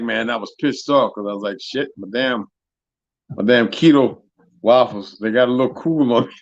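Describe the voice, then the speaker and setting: A man hosting a live stream, telling stories in a profane, animated way that swings from loud to soft. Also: a little high, gravelly, no room sound, muffled recording. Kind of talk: casual storytelling chat.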